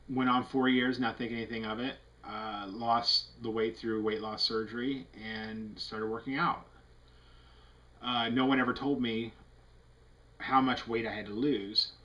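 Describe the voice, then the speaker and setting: A man's voice: lowish voice, pushed and bright, dull audio. A man giving a casual, candid health update to a webcam, rambling through fillers and restarts in an earnest way. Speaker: vlogger.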